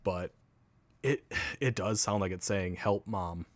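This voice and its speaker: A man's voice: low voice, a little slow, no room sound. A man chatting casually on a podcast about a possible haunting, talking loosely and swearing freely. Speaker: co-host.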